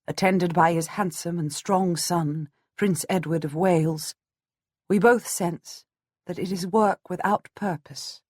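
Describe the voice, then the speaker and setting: A woman narrating a historical audiobook in the first person, measured and earnest. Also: fairly low pitch, darkish tone, no echo, clean studio sound.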